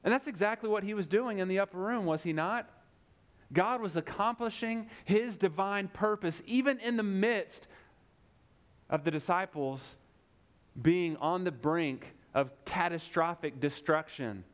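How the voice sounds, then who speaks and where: A young man preaches with emphatic force, repeating key phrases and leaning into dramatic pauses. His voice sits a little higher than most men's. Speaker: pastor. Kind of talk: sermon.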